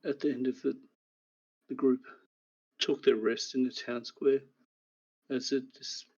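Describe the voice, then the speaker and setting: Male game master, unhurried even recap narration, flat intonation. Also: mid-range voice, slightly rough, dull audio. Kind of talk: recapping a tabletop game session.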